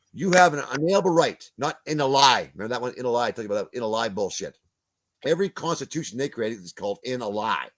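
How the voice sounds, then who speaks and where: Ranting older man. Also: medium pitch. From Canada. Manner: ranting, blunt, swears, repeats words. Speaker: guest. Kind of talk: heated video-call discussion.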